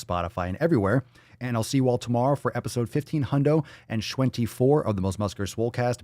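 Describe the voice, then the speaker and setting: A man's voice: lowish voice, a little mellow, dry recording, studio quality. A man hosting a daily fitness livestream podcast, talking casually with hype, profanity and playful catchphrases. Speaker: podcast host.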